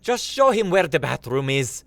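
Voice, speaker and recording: A man's voice: mid-range voice, very animated, moderate pace, no room sound, faint music behind, pitched above the performer's own voice, lightly acted. A man voicing a sarcastic, no-nonsense young woman with a dry, snappy delivery. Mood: snapping.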